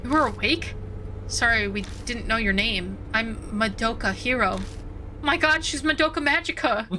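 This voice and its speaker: A woman's voice: on the high side, normal speed, a little hiss or hum. A woman streamer who reads game dialogue aloud between casual, giggly, foul-mouthed reactions. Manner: giggly, swears freely, reacts loudly. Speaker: streamer playing a visual novel. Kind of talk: reading game text aloud with casual commentary. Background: game music.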